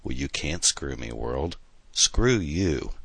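A man voicing a drunk, hysterical young woman who shouts and slurs profane rants. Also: very deep voice, lively intonation, slow, gravelly, breathy edge, no room sound, exaggerated voice. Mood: drunken raving. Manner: slurred, shouting, profane ranting.

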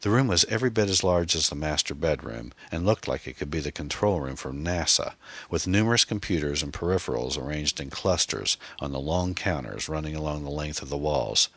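A man reading a mystery novel aloud as audiobook narrator, measured and steady, on a close mic. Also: very deep voice, no room sound.

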